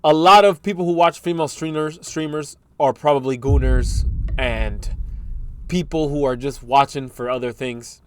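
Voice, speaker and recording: A man's voice: mid-range voice, moderate pace, slight background noise. A man hosting a reaction video, giving casual, slangy commentary on clips he plays.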